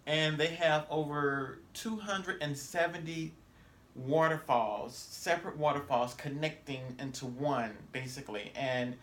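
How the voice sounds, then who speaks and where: A travel vlogger with a slightly high, fairly bright voice talks casually to the camera on a trip. His rambling speech is full of fillers and self-corrections.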